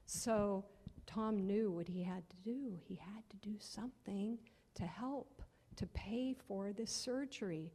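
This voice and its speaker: A woman's voice: medium pitch, a little slow, warm tone, big-room sound. A woman telling a children's story at church, asking the children questions and often dropping to a near-whisper.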